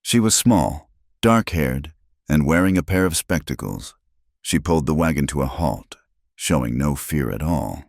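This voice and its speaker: Deep-voiced guy reading a western tale, dead dry sound, no room at all. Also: expressive, unhurried, gravelly, no echo. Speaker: narrator. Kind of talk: scripted narration.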